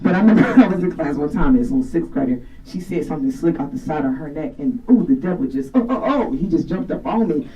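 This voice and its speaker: A woman's voice: low voice, animated, quick pace, hardly any pauses, dull audio, a crowd in the background. A woman doing a brash, profane stand-up set at a live show. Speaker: stand-up comedian. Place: live studio show in a garage. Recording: distant stage mic, loud audience.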